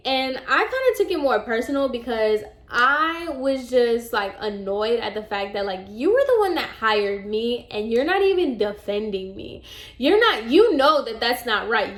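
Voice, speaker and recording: A young woman vlogger telling a storytime in a casual, exasperated way, acting out both sides of the conversations she describes. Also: on the high side. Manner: animated, exasperated retelling that acts out both sides of the dialogue. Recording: roomy echo.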